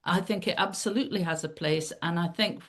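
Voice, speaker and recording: A woman's voice: fairly low pitch, brisk. A woman speaking as a podcast guest, thoughtful and earnest, building her argument through everyday anecdotes. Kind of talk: conversational explanation.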